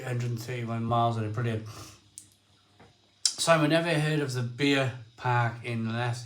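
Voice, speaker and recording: A middle-aged man hosting a casual livestream, telling rambling, excitable stories and reading out viewer comments. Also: mid-range voice, echoey room. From Barry, Wales. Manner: rambling storyteller, lively and excitable, often restarts sentences. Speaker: livestream host.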